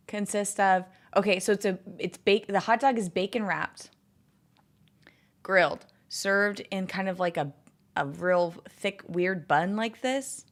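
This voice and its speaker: Chatty woman in her thirties, rambling. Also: lowish voice. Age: 30s. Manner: rambling, heavy use of "like". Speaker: livestreamer chatting with viewers. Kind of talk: casual stream chat.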